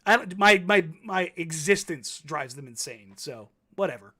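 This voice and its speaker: A man in his thirties co-hosts a casual sports talk show with a slightly higher pitch than most men. He rambles, packing his stories with fillers and restarts. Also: lively intonation, moderate pace, sharp tone, slightly rough. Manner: rambling, filler-heavy storytelling. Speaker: co-host.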